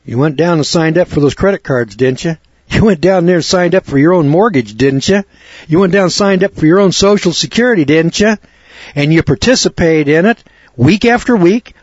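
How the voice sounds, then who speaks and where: A man preaching a sermon, sarcastic and fiery, dropping to low asides and rising to loud outbursts. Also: fairly quick, dry recording. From United States. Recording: dry, dull lo-fi recording.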